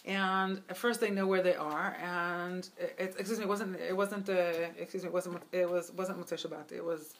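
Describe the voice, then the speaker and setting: A woman telling a Hasidic tale at a gathering, animated and chatty, with many asides and fillers. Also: on the low side, moderate pace, hardly any pauses. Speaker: storyteller. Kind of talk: spoken Hasidic storytelling. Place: event gathering.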